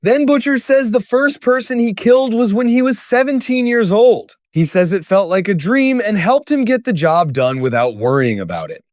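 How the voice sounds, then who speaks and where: A man's voice: high voice, big pitch swings, moderate pace, few pauses, dry recording, studio quality. A man narrating a scripted story recap, telling it dramatically and lifting his voice at sudden turns.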